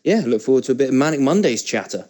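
A man's voice: medium pitch, lively intonation, rapid-fire, darkish tone. A man, co-hosting a casual podcast in a laid-back, teasing way. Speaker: podcast co-host.

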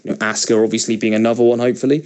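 A man's voice: medium pitch, level tone, rapid-fire, a little mellow. A man co-hosting a casual podcast, talking in an opinionated way and swearing casually. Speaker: podcast co-host.

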